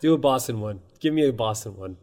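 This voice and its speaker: A man's voice: medium pitch, expressive, fast talker, a little mellow. Teasing male podcast host. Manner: teasing, playful questions. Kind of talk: casual interview. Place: comedy club.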